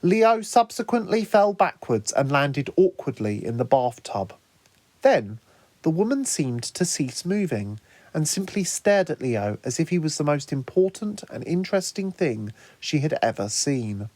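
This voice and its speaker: A man narrating his own fan story in a lively storytelling manner. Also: on the high side, a little slow, no room sound. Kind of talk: fan audiobook reading.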